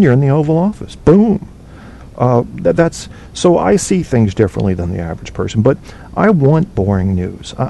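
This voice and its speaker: Gravelly, profane man hosting a podcast. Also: warm tone. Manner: blunt, profane, rambling. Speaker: podcast host. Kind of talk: casual solo talk with live chat. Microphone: cheap low-quality microphone. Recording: faint noise on a low-bitrate stream.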